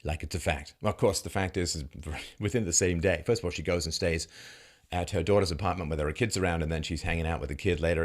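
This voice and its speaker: A man's voice: sits low, steady tone, fast talker. A man giving solo political commentary in a sarcastic, mocking way, laughing often and putting on voices for the people he quotes.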